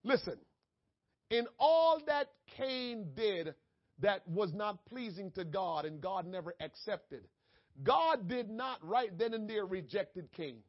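A pastor preaching a sermon, swinging from quiet asides to shouted lines. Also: male voice, sits high, lively intonation, takes it slowly, highs cut off.

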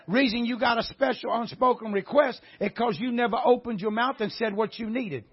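A high, husky male voice with a drawl, preaching with fire and climbing to shouts at the high points. The recording is dull and lo-fi, like old church sermon audio. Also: a little fast, hardly any pauses. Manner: animated preaching, shouting at peaks.

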